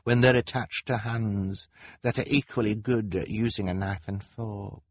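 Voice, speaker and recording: A man voicing a gloomy, self-pitying young man who talks in a slow, mournful way. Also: lowish voice, fairly even intonation, dry recording.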